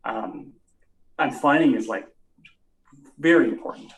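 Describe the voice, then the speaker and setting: A man's voice: medium pitch, measured pace. A man who plays in a band, chatting in an interview, rambling with lots of fillers. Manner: rambling, animated, many fillers. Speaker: musician guest. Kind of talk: casual interview chat. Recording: roomy sound from off the mic.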